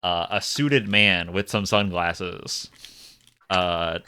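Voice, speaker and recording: A man narrating a tabletop game as game master, describing scenes in a halting, stop-start way. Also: sits low, steady tone, sharp tone, clean tone.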